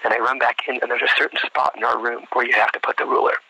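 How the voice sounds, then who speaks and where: Bright-voiced young man telling a story. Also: mid-range voice, fast, gravelly, slightly rough, rough recording. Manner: animated, with restarts and quoted voices. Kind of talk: casual anecdote.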